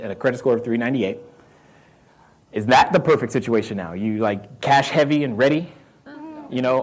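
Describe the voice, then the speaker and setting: A man with a Southern American accent giving a live motivational talk on real estate, quizzing the audience and repeating his key lines. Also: mid-range voice. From North Carolina roots. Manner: energetic, asks the crowd questions, repeats key lines.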